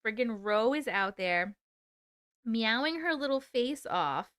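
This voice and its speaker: A tired woman hosting a live stream at home, chatting casually and warmly greeting viewers by name as she reads their comments. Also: fairly high pitch, animated, slow, clean tone, no room sound, studio quality. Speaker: host.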